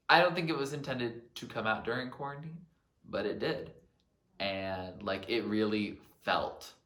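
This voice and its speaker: Chatty man with a bright echoey voice. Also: on the low side. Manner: chatty, lots of fillers. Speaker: music vlogger. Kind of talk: casual album countdown.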